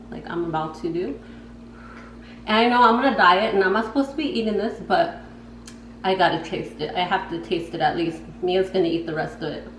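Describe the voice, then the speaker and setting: A woman hosting a casual cooking vlog from her home kitchen, chatty and slangy, talking straight to her viewers. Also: lowish voice. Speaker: home cook host. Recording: echoey room with background noise.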